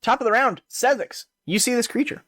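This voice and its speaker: A man's voice: very high voice, a little fast, fairly bright tone. A man narrating and running a tabletop fantasy game as game master, in a casual way with many fillers.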